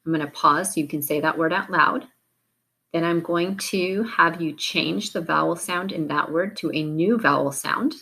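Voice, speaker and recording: A woman teacher running a phonics drill, giving patient, clearly stretched-out word prompts. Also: deep voice, moderate pace, sharp tone. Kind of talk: slow, deliberate classroom drill.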